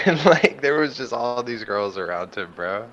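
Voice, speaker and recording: A man's voice: mid-range voice, animated, unhurried, bright, forceful tone, highs cut off. A man on a movie podcast who chats casually, asks about scenes and swears often. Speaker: podcast co-host.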